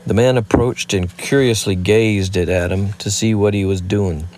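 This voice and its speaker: A man narrating an audiobook in a measured, even reading. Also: fairly low pitch, a little hiss or hum. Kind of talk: scripted narration.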